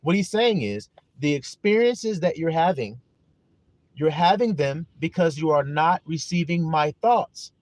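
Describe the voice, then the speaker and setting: Preaching on a live stream, a man speaks emphatically, repeatedly checks that listeners understand, and welcomes viewers in chat. His voice is a little high yet darkish in tone, animated and a little slow, with no echo.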